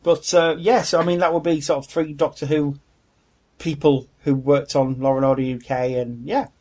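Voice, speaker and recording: Guy cohosting a podcast, kinda husky, blunt opinions, jokey and candid. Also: on the high side, level tone, normal speed, darkish tone. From Wales. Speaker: podcast co-host. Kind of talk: casual chat.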